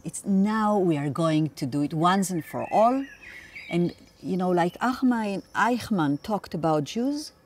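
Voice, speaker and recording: An Israeli-accented woman in her fifties, a native Hebrew speaker, answers an interview in a low, mellow voice. She talks earnestly, often restarting and repeating words as she searches for phrasing. The mic sits a little away from her. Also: expressive, unhurried, a little hiss or hum. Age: 50s. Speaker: activist interviewee. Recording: voice a bit far from the mic.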